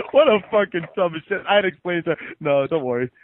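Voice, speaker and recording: A man hosting a podcast, telling animated, profane stories in casual chat. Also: high-pitched, moderate pace, noisy background. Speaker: podcast host. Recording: dry, tinny phone-like sound.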